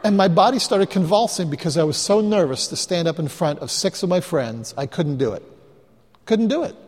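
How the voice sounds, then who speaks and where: A man preaching as a pastor, telling chatty, self-mocking stories to his congregation with quick asides. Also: fairly high pitch, a little mellow. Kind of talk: storytelling sermon to a live congregation. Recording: live hall recording with long reverb.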